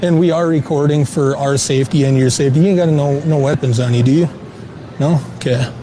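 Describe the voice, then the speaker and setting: Man, calm and coaxing, confrontation in a mall, slightly high voice, body mic, noisy background. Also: a little fast. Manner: calm, coaxing, repeats reassurances. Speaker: confronter for a vigilante group. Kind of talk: on-the-street confrontation. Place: indoors at a shopping mall. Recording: clip with clear background noise.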